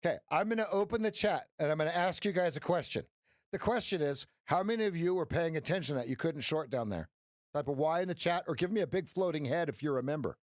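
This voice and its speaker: A man's voice: a little high, expressive, a little fast, no room sound, clean studio sound. A man coaching viewers through trades on a live stream, playful and jokey, breaking into sound effects. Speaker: trading coach. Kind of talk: live-stream trading commentary.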